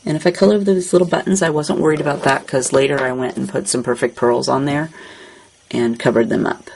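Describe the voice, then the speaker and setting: A woman hosting a craft tutorial, calmly narrating each coloring step as she works. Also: rumbling low, fairly quick, gravelly, a little hiss or hum, rough recording.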